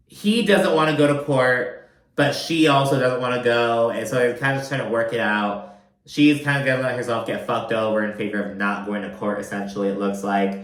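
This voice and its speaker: A young man rambles through a reality show recap, chatty and loose with plenty of fillers. His voice sits at an ordinary middle pitch. The room adds a noticeable echo. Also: fairly bright tone. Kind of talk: casual recap commentary. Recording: roomy echo.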